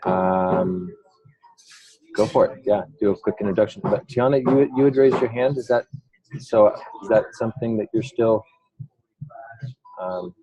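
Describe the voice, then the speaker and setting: A man facilitating a group video call, talking in a calm, reflective way with many pauses and fillers. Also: on the low side, lo-fi sound.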